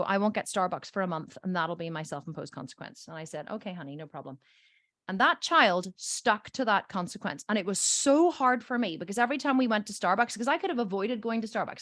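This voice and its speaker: A woman's voice: mid-range voice, a bit bright, no echo, clean studio sound. A woman hosting a coaching podcast, a mother telling a story in an emphatic, swearing way and acting out the voices of the people in it. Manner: acts out quoted voices in her stories. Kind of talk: storytelling monologue.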